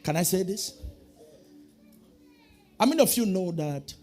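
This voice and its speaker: A man preaching a sermon, calling out to the congregation and swinging from quiet asides to shouting. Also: high-pitched, animated, a little slow. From Nigeria. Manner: preaching with call-and-response, swinging from soft to shouting. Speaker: pastor.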